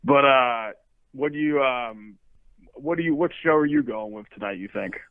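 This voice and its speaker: A man calls into a show for a casual phone chat, rambling and searching for words over a tinny phone line. His medium-pitched voice, at normal speed, is creaky yet clear and resonant, with no echo.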